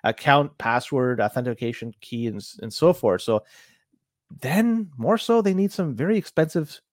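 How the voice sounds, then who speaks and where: A man co-hosting a podcast, explaining tech security news in a casual, halting way with frequent restarts. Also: medium pitch, animated, no room sound. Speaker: podcast co-host.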